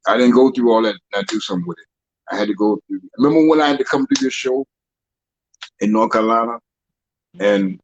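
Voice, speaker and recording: A man's voice: fairly low pitch, husky, no echo, muffled recording. A man who is a guest, a dancer and author, talking loosely in an interview, repeating words as he retells his stories. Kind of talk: casual interview talk.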